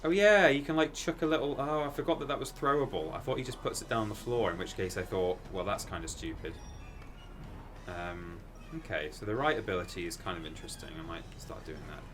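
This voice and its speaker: A man's voice: on the low side, quick pace, hardly any pauses. Chatty man streaming a game. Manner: chatty, rambling, bursts of excited exclamations at the game. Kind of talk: casual gaming stream commentary.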